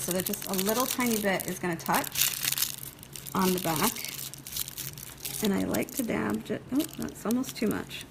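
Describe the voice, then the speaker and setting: A woman giving a casual live nail-art tutorial, chatty and quick to laugh, often checking in with "okay?" as she works. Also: medium pitch, background noise. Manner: chatty, laughs easily, reads viewer comments aloud. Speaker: nail technician teaching a live demo.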